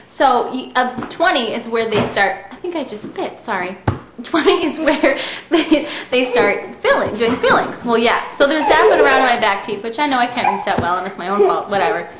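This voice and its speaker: A woman's voice: a little high, animated, moderate pace. A woman in her thirties casually telling a rambling story to the camera, chatty and often laughing as she goes. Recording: echoey room with faint hiss.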